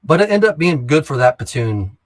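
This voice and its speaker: A middle-aged army veteran tells war stories casually, his voice a little high, sing-song and brisk. He's blunt and profane, acting out the lines of other soldiers.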